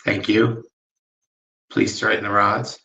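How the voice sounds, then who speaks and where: A man running a ghost-hunting session with dowsing rods, making slow, polite requests with long pauses and turning soft-spoken when emotional. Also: on the low side, little pitch movement, gravelly, highs cut off. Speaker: ghost hunter. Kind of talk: dowsing-rod spirit session.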